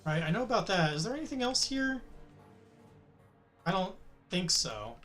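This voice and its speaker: A man's voice: sits high, big pitch swings, moderate pace, fairly bright tone, soft background music. A man casually commenting as he plays a video game at home, thinking aloud and laughing easily. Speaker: gaming streamer. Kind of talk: casual let's-play commentary. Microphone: desk mic.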